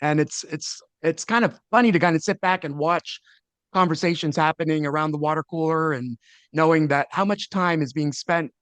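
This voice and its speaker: A man's voice: a little high, moderate pace, fairly bright tone, no echo. A man, a leadership speaker answering as a podcast guest, earnest and often restarting his sentences. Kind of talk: conversational interview.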